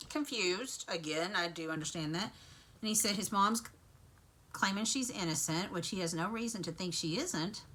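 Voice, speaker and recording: A woman's voice: lowish voice, moderate pace. A woman vlogger casually retelling a TV episode to her viewers, chatty and full of asides. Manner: chatty, lively storytelling with asides.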